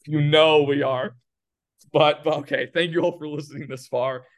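A man's voice: on the high side, fairly even intonation, moderate pace. A man hosting a casual film podcast, rambling and joking, laughing often. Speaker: podcast host.

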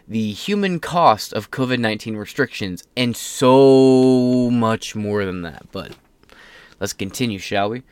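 A young man with a lowish voice hosts a loose online commentary show, reading news off the screen and wandering into profane, offhand asides. His voice sits close and dry, with almost no room sound around it. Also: dry recording. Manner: rambling, off-the-cuff and profane, with asides. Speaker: political commentary host.

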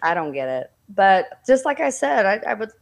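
A woman from Texas speaks with a toned-down Texas accent at an ordinary mid pitch. She talks bluntly and with emphasis as a guest in a relaxed interview. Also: moderate pace, gravelly. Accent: softened Texas. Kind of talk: casual conversational interview.

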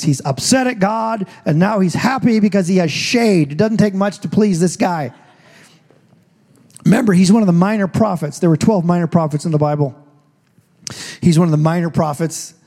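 A man's voice: sits high, creaky, warm tone, husky. A man preaching a sermon as pastor, telling the story in a casual, joking way. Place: church stage.

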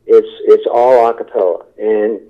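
A rock singer, a man, rambles with enthusiasm in a casual interview, restarting his sentences and filling gaps with "you know". His voice sits fairly low. It comes through a thin, tinny phone line. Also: steady tone, a little slow.

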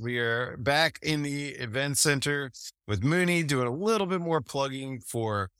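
A man's voice: mid-range voice, unhurried, smooth, no echo, clean studio sound. A man co-hosting a podcast, chatting casually and laughing often as he recaps old wrestling episodes. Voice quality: laughs often, wry and relaxed. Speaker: podcast co-host.

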